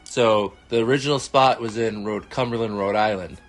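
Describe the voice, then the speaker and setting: A man's voice: fairly low pitch, moderate pace. A man co-hosting a casual podcast, giving short replies and asking brief questions. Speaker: podcast co-host.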